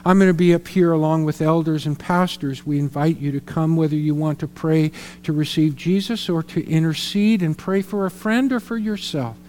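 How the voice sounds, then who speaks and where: Male pastor, middle-aged, earnest sermon storyteller, high voice, reverberant sanctuary. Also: fairly even intonation, normal speed, a little mellow, a little hiss or hum. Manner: storytelling, earnest, repeats words when emphatic. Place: church sanctuary.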